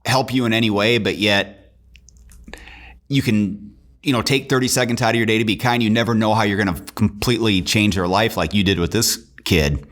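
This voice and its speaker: A man with a fairly low voice hosts a podcast. He answers his guest in an easy, reflective way and keeps affirming what was said. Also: a little fast, a bit bright. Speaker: podcast host. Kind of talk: casual chat.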